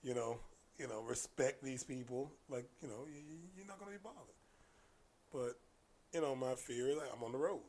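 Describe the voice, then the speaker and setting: A man telling stories in a casual podcast conversation, animated and acting out the exchanges he recounts, with frequent restarts. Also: medium pitch, a little fast, a little hiss or hum. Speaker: podcast guest, martial arts coach.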